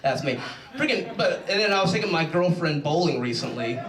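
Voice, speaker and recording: A young adult man doing a rambling, animated stand-up comedy set on a stage. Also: a little high, brisk. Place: show stage in a large room. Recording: echoey room, mic from far off.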